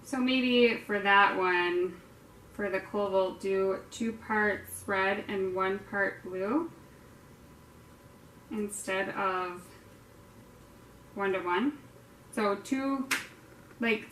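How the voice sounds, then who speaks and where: A woman's voice: mid-range voice, a bit bright. Chatty woman teaching paint mixing. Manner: chatty, rambling, self-mocking, lots of fillers. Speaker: art tutorial host. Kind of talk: casual painting tutorial. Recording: echoey room, distant mic, faint noise.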